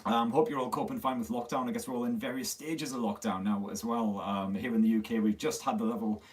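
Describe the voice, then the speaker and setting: A man's voice: medium pitch, fairly even intonation, quick pace. A man from Sunderland with a Northern English accent, chatting casually as host of a live tech stream, swearing freely and poking fun at himself, his voice a little worn. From Sunderland, North East England. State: slightly losing his voice. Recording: distant mic on a phone stream.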